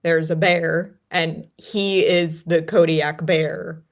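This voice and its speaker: Low voiced woman rambling slow about a movie on a call, lots of likes and ums. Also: flat delivery. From United States. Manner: chatty, many fillers and restarts. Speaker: podcast co-host. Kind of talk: casual film discussion. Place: remote call.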